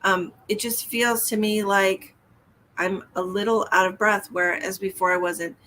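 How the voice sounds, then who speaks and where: A woman's voice: medium pitch, fairly even intonation, a little slow, fairly bright tone, slight background noise. A woman giving live psychic readings on a stream, speaking soothingly and calling viewers hun and honey. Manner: soothing, calls viewers hun and honey, reads comments aloud.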